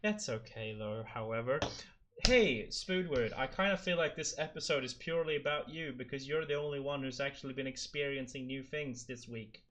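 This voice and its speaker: A man's voice: mid-range voice, a little fast, hardly any pauses, a bit bright, a little hiss or hum. A young man co-hosting a podcast in casual chat, joking and laughing often. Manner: jokey, laughs often, breaks into silly sung impressions. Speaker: podcast co-host.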